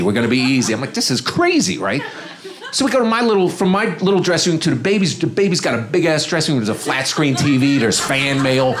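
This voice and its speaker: Male comic on a club stage, talky and loose, drops his voice low for other people's lines. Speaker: stand-up comedian. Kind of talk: stand-up storytelling. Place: comedy club stage with audience.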